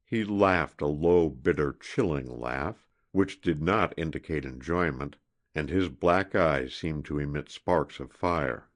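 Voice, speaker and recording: A man reading a historical adventure novel aloud as an audiobook narrator, in a dramatic, expressive way. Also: very deep voice, takes it slowly.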